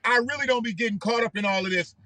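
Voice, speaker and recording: A man's voice: very high-pitched, quick pace, pushed and bright, no echo. A man hosting a live stream, giving rambling, profane commentary and often repeating himself. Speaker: livestream host.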